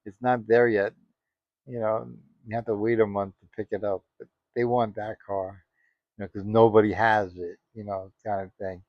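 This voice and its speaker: A man's voice: lowish voice, level tone, moderate pace, dry recording. A man giving casual spoken commentary, rambling and indignant, full of "you know" asides. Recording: dry, dull lo-fi audio.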